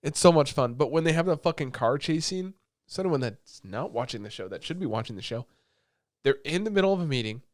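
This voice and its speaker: Brief: male podcast co-host, slightly high voice, rapid animated retelling, dry close mic. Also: no room sound. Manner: excited retelling of scenes, lots of swearing. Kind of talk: casual chat.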